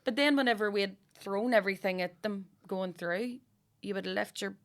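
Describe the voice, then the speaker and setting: A woman's voice: medium pitch, moderate pace. A woman with a Northern Irish accent telling stories in casual podcast chat, swearing freely and laughing often.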